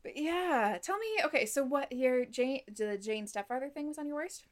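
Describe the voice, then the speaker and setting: A young woman co-hosting a casual book-chat podcast, giggly and animated, with lots of fillers. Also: sits high, moderate pace. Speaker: podcast co-host.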